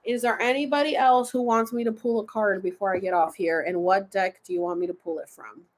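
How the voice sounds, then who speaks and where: A woman's voice: medium pitch, fairly even intonation, brisk, a little hiss or hum. A woman hosting a casual livestream, chatting with viewers, swearing and laughing as she pulls oracle cards and reads them aloud. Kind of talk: casual livestream chat with card readings.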